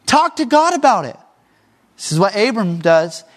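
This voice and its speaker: A male pastor delivers a sermon in a conversational style. He keeps his listeners engaged with rhetorical questions. His voice sits high, and his pitch moves in lively swings. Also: normal speed.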